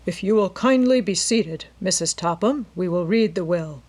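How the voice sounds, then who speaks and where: Woman doing a calm, courteous male lawyer. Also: lowish voice. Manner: polite, measured.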